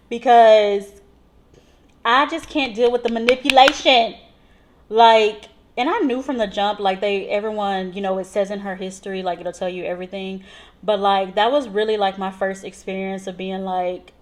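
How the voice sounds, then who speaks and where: A woman's voice: medium pitch, normal speed. Chatty nurse telling stories, woman. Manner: chatty, animated retelling with lots of "like" and "so". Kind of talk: casual storytelling vlog.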